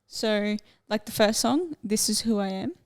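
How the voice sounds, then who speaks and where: Speaking a little slowly in an animated, mid-range voice, this young female podcast co-host keeps the chat casual. She's talkative and rambles, wandering off on tangents and hopping between subjects.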